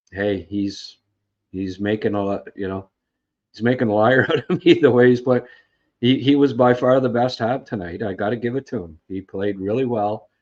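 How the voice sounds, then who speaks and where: The podcast host speaks at a fairly low pitch with a slightly mellow quality, recapping a game casually but with frustration. His talk wanders, packed with fillers and restarts, over dull lo-fi sound.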